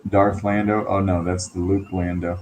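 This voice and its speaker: A man with a somewhat low voice chats easily on a livestream, teasing his co-host and reading viewer comments aloud. Faint background noise sits under his voice. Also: flat delivery, moderate pace, a little mellow. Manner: easygoing, teasing, laughs often.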